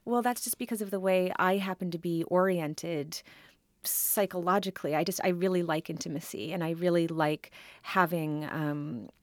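A woman in her forties, a writer being interviewed, talking in a thoughtful, halting way with frequent restarts. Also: fairly low pitch, fairly even intonation, no echo, clean studio sound. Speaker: writer and guest. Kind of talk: conversational interview.

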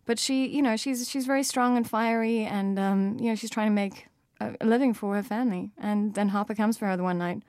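A woman's voice: mid-range voice, fairly even intonation, fairly quick, hardly any pauses, a little mellow, dry recording. South African woman author, dry studio. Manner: thoughtful, frequent fillers and restarts. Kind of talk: interview.

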